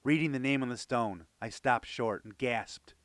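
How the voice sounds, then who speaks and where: A man narrates an audiobook with an expressive, storytelling delivery. His pitch is medium, his pace is normal, and there's no echo.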